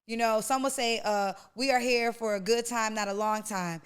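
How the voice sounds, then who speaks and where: Smooth-voiced woman giving heartfelt testimony. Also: fairly high pitch, fairly even intonation, moderate pace. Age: 40s. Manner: emotional, preacherly, addresses listener as honey and baby. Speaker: podcast host. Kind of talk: personal testimony.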